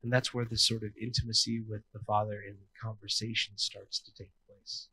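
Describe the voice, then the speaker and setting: A man in his thirties preaching a sermon in a casual, animated way, with playful asides. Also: lowish voice, moderate pace, breathy edge, poor audio. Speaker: pastor.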